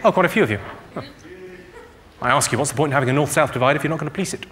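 Fast-talking deadpan stand-up man. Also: fairly high pitch, crowd noise. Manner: deadpan, quick one-liners, banters with audience. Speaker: stand-up comedian. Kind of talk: stand-up comedy set. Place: theatre stage before a laughing audience. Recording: live show with loud audience noise.

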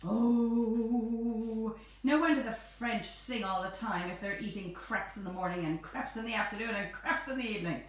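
A woman chatting bubbly and playful as she demonstrates a recipe live from her home kitchen. Her fairly high voice rings around a very echoey room, picked up from a few feet off with faint noise behind it. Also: normal speed, distant mic. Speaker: home baking host.

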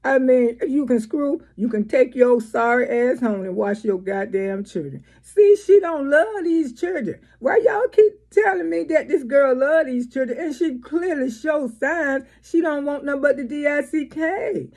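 A woman's voice: high-pitched, expressive, a little slow, hardly any pauses, a little mellow. A woman giving blunt, profane, scolding commentary in a vlog. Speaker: vlogger.

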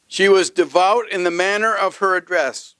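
A man's voice: sits high, moderate pace, bright, forceful tone, smooth, dry recording, poor audio. Emphatic preaching man, dry sound. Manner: emphatic preaching with audience questions. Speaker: pastor. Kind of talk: sermon.

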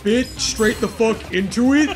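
A young man chatting casually over a video game, telling a rambling, halting story with crude jokes. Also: extremely high pitch. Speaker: gaming co-host. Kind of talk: casual chat over gameplay. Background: game music.

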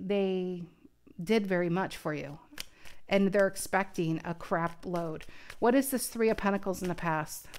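A woman's voice: medium pitch, a little mellow. Earnest woman reading tarot cards aloud. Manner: earnest, thinking aloud, frequent restarts. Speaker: tarot card reader. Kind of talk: casual tarot reading to camera.

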